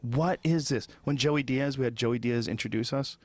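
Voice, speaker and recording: A man's voice: mid-range voice, moderate pace, no echo. A man hosting a podcast, telling stories in a blunt, profane way in casual chat. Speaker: podcast host and comedian.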